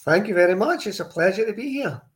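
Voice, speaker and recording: Brief: middle-aged ex-footballer, plain-spoken, reminiscing; voice sits a bit high. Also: male voice, animated, fast talker. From Scotland. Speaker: guest, former footballer. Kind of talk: interview answers.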